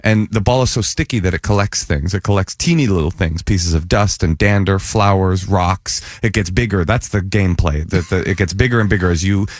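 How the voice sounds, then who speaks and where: A male comedian telling a long comic story as a guest in a radio studio, animated and jumping high whenever he acts out what people said. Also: fairly quick, hardly any pauses, dry recording. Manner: animated, jumps up in pitch when acting out quoted voices.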